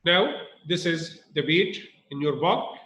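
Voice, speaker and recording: A man teaches a grammar point to students, repeating himself and asking whether it is clear. His voice sits high for a man, and it rings around a reverberant room. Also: takes it slowly, fairly bright tone. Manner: repeats points, asks students rhetorical questions. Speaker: English teacher. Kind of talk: recorded grammar lesson.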